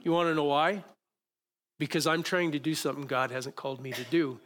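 A man's voice: on the high side, fairly quick, fairly bright tone. A male pastor preaching to a congregation in a conversational way, often restarting his sentences as he coaches volunteers through a demonstration on stage. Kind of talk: sermon with live stage demonstration. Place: church stage before a congregation.

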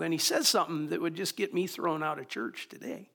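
A man's voice: on the high side, fairly quick, gravelly, few pauses, a bit bright. A man preaching a sermon as pastor, in a conversational way with rhetorical questions.

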